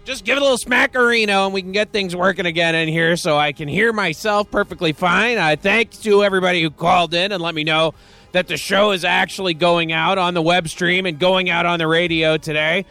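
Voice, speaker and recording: A man's voice: sits high, fairly quick, vocal fry, pushed and bright, dry recording. A man hosting a radio music show, talking in a playful, rambling, jokey way between songs. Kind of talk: casual radio DJ patter. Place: radio studio.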